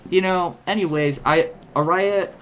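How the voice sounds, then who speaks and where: A man's voice: sits high, a little slow, a bit bright, slight background noise. A young man co-hosting a let's play, rambling casually with lots of swearing and self-mocking jokes. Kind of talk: casual gaming commentary.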